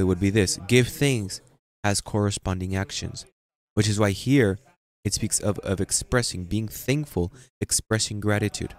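A man preaching a sermon, repeating phrases for emphasis and reading scripture slowly. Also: on the low side, a little mellow. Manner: reads scripture slowly and deliberately. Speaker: pastor.

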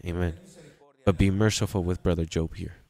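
A man's voice: sits low, fairly even intonation, moderate pace, dark tone. A man preaching a sermon with an accent, drawing out words and rising into emphatic bursts. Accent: non-native English. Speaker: pastor.

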